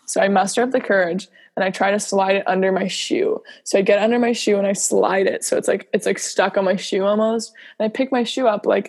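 A young woman with a slightly husky voice tells a story on a podcast. She chats loosely, giggles often and fills her talk with "like" and "you know". She acts out quotes along the way. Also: mid-range voice, fairly even intonation, brisk, darkish tone. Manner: chatty, giggly, full of fillers and acted-out quotes. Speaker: podcast co-host. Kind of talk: casual storytelling chat.

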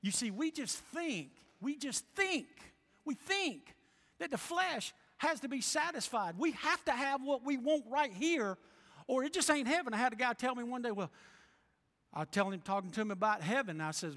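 A male preacher delivers a folksy sermon in a very high, bright voice. His words ring out with a long church-hall reverb behind them. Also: lively intonation, normal speed. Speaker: pastor.

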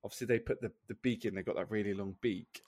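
A man's voice: fairly low pitch, fairly even intonation, fast, darkish tone, dry recording, studio quality. A man co-hosting a podcast, chatty as he reads out odd facts. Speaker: podcast co-host. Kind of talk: casual podcast chat. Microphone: podcast mic.

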